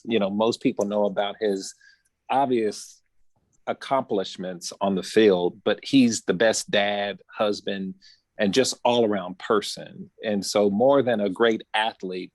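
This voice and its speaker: A man with a low voice speaks earnestly from his office as a guest. The sound is dry and close, with no room echo. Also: unhurried. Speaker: guest, older brother. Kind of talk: casual interview.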